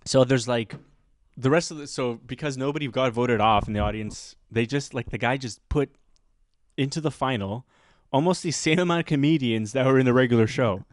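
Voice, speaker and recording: A man's voice: medium pitch, a little fast, no echo, studio quality. A man hosting a podcast, telling a story in casual chat and acting out the people in it. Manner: animated, acts out other people's voices. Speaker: podcast host.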